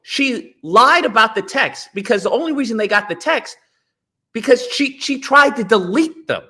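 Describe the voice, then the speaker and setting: A man's voice: extremely high pitch, normal speed, breathy edge. A man in casual podcast chat, telling stories animatedly and acting out what others said. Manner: animated storytelling, acts out quoted voices. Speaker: guest.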